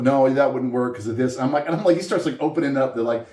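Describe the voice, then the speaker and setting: A man's voice: medium pitch, fast, roomy sound. A man from Southwest Louisiana, a musician guest, telling a story in a casual interview at a coffeehouse and acting out the voices of the people in it. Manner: animated storyteller, quotes others with lively swings. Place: coffeehouse, indoors.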